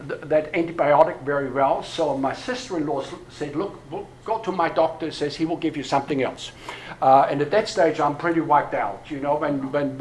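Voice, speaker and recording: A man's voice: a little high, poor audio. A man, telling a long personal story at a church workshop, full of fillers and restarts. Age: 60s. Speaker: pastor. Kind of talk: workshop talk to a church audience.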